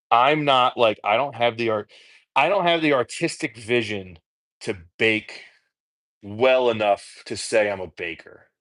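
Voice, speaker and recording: A man's voice: on the low side, fairly bright tone, no room sound. A man casually chatting while prepping food, rambling and self-deprecating, swearing freely, with a New Jersey accent. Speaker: home cook content creator. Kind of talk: casual chat while cooking prep.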